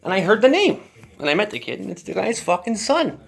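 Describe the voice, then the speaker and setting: A man's voice: sits high, fairly quick, vocal fry. A man telling a rambling story as a podcast guest, swearing often and ranting with energy. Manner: profane, animated ranting.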